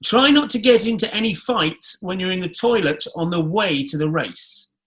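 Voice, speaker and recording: A man improvising a silly story and a mock lecture over a video call, in a playful deadpan. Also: high-pitched, normal speed. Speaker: improv performer.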